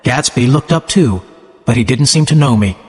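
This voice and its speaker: A man narrating an audiobook for English learners in a measured, clearly enunciated way. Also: medium pitch, expressive, over loud music. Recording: long hall reverb.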